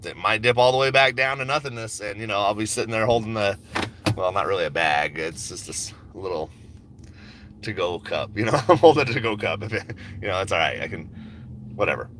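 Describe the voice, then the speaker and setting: This stock market vlogger has a lowish, animated, brisk voice that's a bit bright, with slight background noise. He rambles on a phone livestream about his picks while driving and waiting for coffee, easygoing, jokey, freely profane and quick to laugh.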